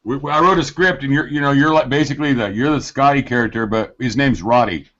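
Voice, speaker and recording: A man's voice: medium pitch, fast talker, fairly bright tone, muffled recording. A man bantering in casual chat, joking and rambling.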